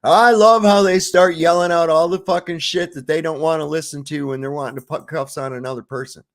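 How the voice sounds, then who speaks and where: A man's voice: a little high, fairly even intonation, brisk. A man giving casual, profane commentary on video clips, laughing and mocking as he talks. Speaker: streamer reacting to clips.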